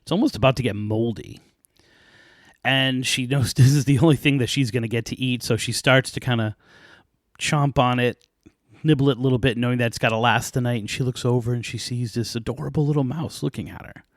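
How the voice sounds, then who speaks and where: A man hosting a podcast, casually retelling a folk tale with lively asides and light laughs. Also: medium pitch, a little fast, dry recording, studio quality. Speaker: podcast host.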